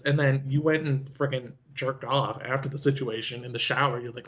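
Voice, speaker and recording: A man co-hosting a casual review podcast, retelling scenes in an animated, exasperated, profane way. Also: medium pitch, normal speed. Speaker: podcast co-host reviewing a story. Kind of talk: casual chat.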